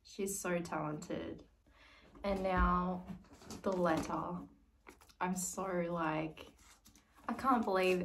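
A young woman vlogging at home, gushing over a gift in an unhurried way. She swings from excited squeals to soft murmurs. The mic sits a little away from her, with a faint hiss behind. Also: fairly low pitch. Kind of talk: casual vlog, unboxing a gift. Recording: slightly distant mic with faint noise.

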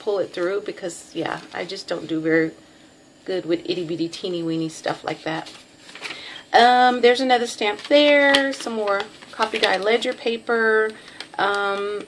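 Texan lady rambling thru her craft stuff, lots of ums, middle-ish voice, bit of background hiss. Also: medium pitch. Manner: chatty, rambling, self-deprecating, many ums. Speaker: craft seller showing a package. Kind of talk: casual show-and-tell.

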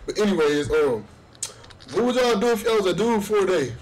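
A man's voice: sits high, sing-song, fairly quick, a loud crowd, low-quality recording. A young man hosting a casual street interview, talking loosely in slang and laughing often. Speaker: host asking strangers questions.

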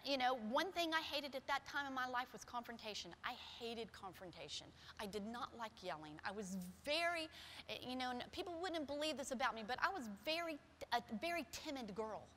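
A middle-aged woman pastor preaching a sermon with personal stories in a church, shifting from soft, quiet passages to loud, emphatic ones. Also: high-pitched, a little hiss or hum. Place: church sanctuary. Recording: long hall reverb.

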